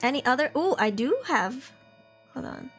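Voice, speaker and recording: Bubbly, lively woman streamer over music. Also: sits high, moderate pace. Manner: bubbly, giggly, slangy and self-teasing. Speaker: livestream host reading horror stories. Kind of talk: casual livestream chat. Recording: horror background music under the voice. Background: background music.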